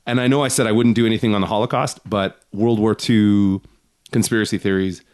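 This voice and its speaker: A man's voice: fairly low pitch, fairly even intonation, a little fast, a little mellow. A man hosting a casual comedy podcast, rambling with restarts and frequent laughter. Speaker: podcast host.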